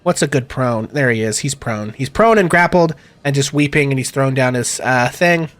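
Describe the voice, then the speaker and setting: A man running a tabletop game as game master, talking in a relaxed way with many fillers. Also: mid-range voice, normal speed.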